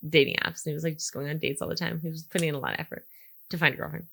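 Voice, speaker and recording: Young woman chatting fast, bright voice, jumps all over when she tells a story. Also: low voice, fairly even intonation, creaky. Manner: storytelling, acts out quoted lines, laughs often. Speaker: podcast co-host. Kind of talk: casual chat.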